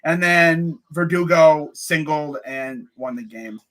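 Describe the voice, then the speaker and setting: Young guy sports vlogger, high bright voice, ranting all over the place. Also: slow pace. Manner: animated, ranting, swears and says bruh a lot. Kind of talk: casual fan rant.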